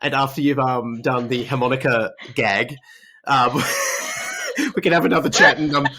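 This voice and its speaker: A man's voice: mid-range voice, normal speed, pushed and bright. A man hosting a podcast, chatting casually, laughing often and restarting his sentences. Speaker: podcast host. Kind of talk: casual conversational interview.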